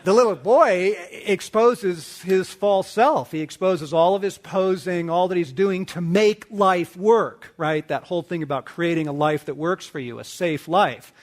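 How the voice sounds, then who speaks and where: Middle-aged guy, talk host, acts out the lines in the stories, voice on the high side for a man. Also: unhurried, few pauses. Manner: animated storyteller acting out dialogue. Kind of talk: casual teaching talk to men.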